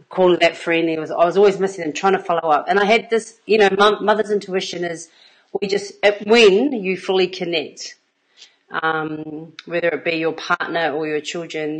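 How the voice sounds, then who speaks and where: A woman's voice: lowish voice, fairly even intonation, normal speed, low-quality recording. A middle-aged woman, an intimacy coach telling stories in a casual livestream, earnest and rambling, with plenty of fillers and laughs between her thoughts.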